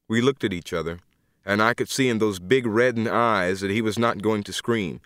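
A man reading a first-person story aloud in a measured, grave manner. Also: fairly low pitch, a bit bright, no echo, studio quality. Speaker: audiobook narrator. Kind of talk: scripted first-person narration.

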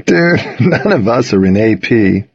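A man's voice: medium pitch, animated, slow, slightly rough, dry recording, pitched above the performer's own voice. A man voicing an easygoing, chuckling teenage athlete. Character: laid-back teen athlete boyfriend. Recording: dull, dry lo-fi reading.

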